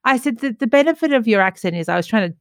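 A woman's voice: on the high side, animated, quick pace, no echo. Storytelling woman podcast host, dry sound. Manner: warm storytelling, many fillers and restarts. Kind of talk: casual podcast chat.

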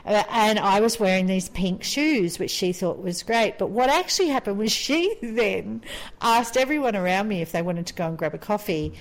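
Co-hosting a podcast, this Australian woman in her forties tells a meandering story in a chatty way, breaking into frequent laughter. She speaks at normal speed in an animated, mid-range voice.

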